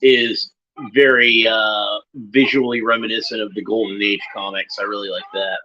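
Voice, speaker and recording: A man hosts a watchalong, talking casually over a cartoon. He is chatty and enthusiastic, with quick offhand asides. His voice is bright, and the recording is dull and lo-fi. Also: fairly low pitch, flat delivery. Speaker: watchalong host.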